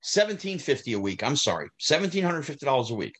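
Animated middle-aged man telling stories. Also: fast. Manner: animated, rises sharply when heated, trails off low. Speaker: guest, former child actor. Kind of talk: casual storytelling interview.

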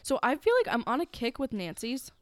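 A woman's voice: fairly high pitch, animated, a little fast, no echo, clean studio sound. A woman co-hosting a true crime podcast, chatting casually and telling the story with friendly asides. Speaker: podcast co-host.

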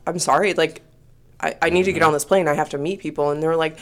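A woman co-hosting a casual podcast, telling an animated story and swearing freely. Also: sits low, fast. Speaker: podcast co-host.

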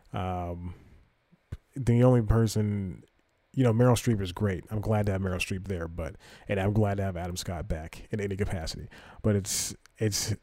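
Low, dark-voiced man rambling on the news. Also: no room sound. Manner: rambling, self-correcting, reads news aloud with asides. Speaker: podcast host. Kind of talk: casual news commentary.

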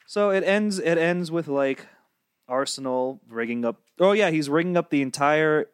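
A young man co-hosting a casual book club podcast, talking in a halting way with fillers as he gathers his thoughts. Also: fairly high pitch, animated, clear, resonant tone, no room sound, clean studio sound. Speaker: podcast co-host. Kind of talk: casual chat.

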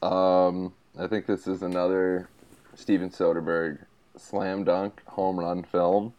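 A man's voice: low voice, takes it slowly. A man co-hosting a podcast, chatting casually and jokingly about films, often slipping into mocking quoted voices. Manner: animated, jokey, does mocking quoted voices. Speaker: podcast co-host. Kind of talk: casual film chat. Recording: dull lo-fi sound.

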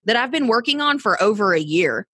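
A woman's voice: on the high side, big pitch swings, fairly quick, a bit bright, slightly rough, no room sound. Frank, down-to-earth woman health coach. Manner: frank and down-to-earth, with many fillers like "you know". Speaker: fitness and health coach guest. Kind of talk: casual conversational interview.

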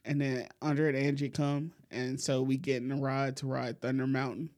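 A man hosting a podcast, telling a long, profane story in a relaxed way and laughing often. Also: medium pitch, moderate pace. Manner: laid-back, profane, laughs often while telling stories. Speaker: podcast host. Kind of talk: casual storytelling chat.

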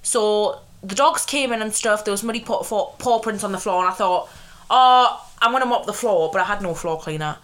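A woman's voice: mid-range voice, fairly quick, few pauses. A woman co-hosting a podcast, chatting casually, swearing and laughing as she tells stories. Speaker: podcast co-host. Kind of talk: casual chat.

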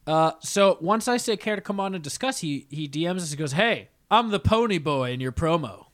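Animated, swearing man telling a story. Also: on the high side, fairly quick. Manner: animated storyteller, swears a lot, laughs often. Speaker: podcast co-host. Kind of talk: casual podcast banter.

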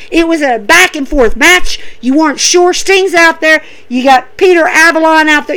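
A woman hosting a wrestling show, recapping matches in an excitable, rambling way with lots of fillers. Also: sits high, poor audio. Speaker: wrestling podcast host. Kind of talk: casual recap and commentary.

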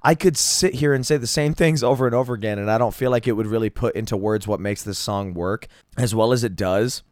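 A man's voice: fairly low pitch, fairly quick, a little mellow, dry recording, studio quality. A man hosting a solo podcast, talking casually and enthusiastically about songs he loves, rambling and swearing freely. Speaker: podcast host. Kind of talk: casual solo music review.

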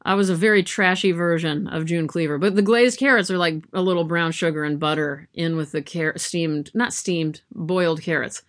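In a lowish voice at normal speed with few pauses, a woman vlogs from her yarn room at home. She chats to camera in a rambling, self-deprecating way, peppered with fillers.

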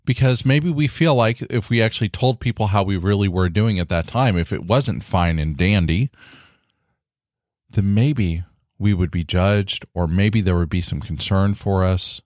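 A man's voice: low-pitched, unhurried, a little mellow, dry recording, clean studio sound. Earnest man hosting a podcast. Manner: earnest, encouraging, many "you know" fillers. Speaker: podcast host. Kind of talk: casual solo podcast talk.

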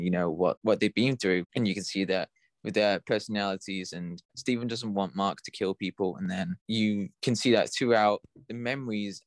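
A man with an English accent, chatting casually on a review podcast in a fairly low voice. The recording is dry and close, and he rambles as he thinks out loud. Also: no echo. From England. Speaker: podcast co-host.

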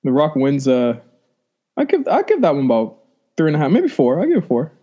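A man's voice: a little high, huge pitch swings, brisk, mellow, dull audio. A man co-hosting a podcast in casual live-watch chat, wisecracking and laughing often. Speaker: podcast co-host.

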